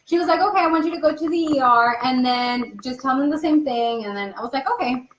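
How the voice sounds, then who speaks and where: A young woman telling a story in casual chat, animated and laughing as she acts out what people said. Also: sits high, fast talker, slight background noise. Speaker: co-host. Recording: echoey room.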